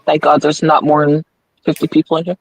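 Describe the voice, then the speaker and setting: A woman's voice: deep voice, little pitch movement, normal speed, slightly rough, poor audio. A woman hosting a casual livestream, reading viewer comments aloud and laughing often at herself. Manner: laughs often, self-mocking. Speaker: livestream host.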